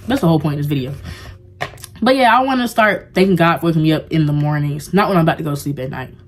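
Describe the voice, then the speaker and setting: A young woman speaks to her camera in a loose, confessional vlog. Her voice sits low for a woman. She rambles warmly, circling back with filler words as she opens up. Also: fast talker. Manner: rambling and heartfelt, heavy use of "like". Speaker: vlogger. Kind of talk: casual confessional vlog talk.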